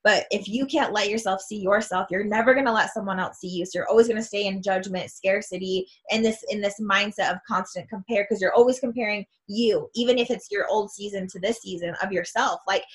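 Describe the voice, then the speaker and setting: A woman's voice: mid-range voice, brisk, few pauses. Earnest, gushing woman coach. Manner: earnest, gushing, with bursts of excited emphasis. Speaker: women's self-love coach. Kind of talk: casual podcast conversation.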